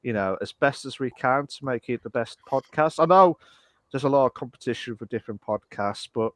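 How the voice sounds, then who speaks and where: A man co-hosting a casual live podcast, rambling through his points with lots of fillers and quick apologies. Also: mid-range voice, fairly bright tone, no room sound. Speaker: podcast co-host.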